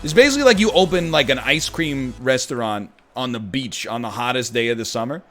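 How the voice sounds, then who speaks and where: A man in his thirties giving casual gameplay commentary, chatty and prone to sudden excited yelling. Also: medium pitch, a little fast, faint music behind. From Canada. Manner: animated, jumps from chatty riffing to excited yelling at the game. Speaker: gaming commentator.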